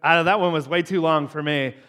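A man opening a sermon in a playful way, joking with and teasing his audience and rising sharply in pitch when surprised. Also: brisk, pushed and bright.

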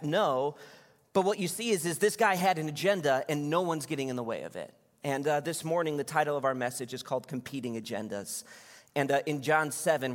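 Animated man preaching in a reverberant hall. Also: a little high. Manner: storytelling, animated when recounting anger. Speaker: pastor. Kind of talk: sermon.

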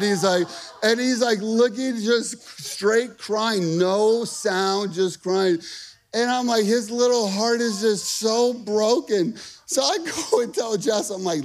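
Pastor guy in his 30s, highish voice, chatty energetic sermon. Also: measured pace. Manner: energetic, conversational preaching with call-and-response.

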